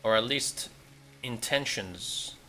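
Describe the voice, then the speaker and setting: Bright-voiced, blunt gaming streamer. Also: male voice, mid-range voice, takes it slowly, soft background music. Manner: blunt, swearing, sarcastic. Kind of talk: casual gameplay commentary.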